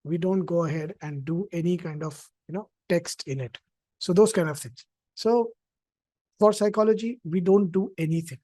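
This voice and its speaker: A man's voice: fairly high pitch, dark tone, no room sound. A man giving a hesitant, reflective personal talk over a video call, with many fillers and restarts. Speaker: invited speaker at an online event. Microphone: own computer mic on a video call.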